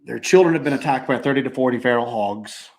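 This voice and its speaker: A man's voice: medium pitch, fast talker. A man hosting a casual talk show, telling stories animatedly and acting out quoted lines. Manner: animated storyteller, acts out quotes, repeats himself. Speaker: podcast host. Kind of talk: casual chat.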